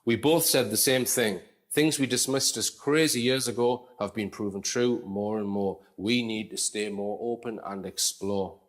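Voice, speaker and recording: A man's voice: lowish voice, moderate pace, few pauses. A man narrating a commentary video in a conversational way, reading out passages and adding asides to the viewer. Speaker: video presenter. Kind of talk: commentary voice-over.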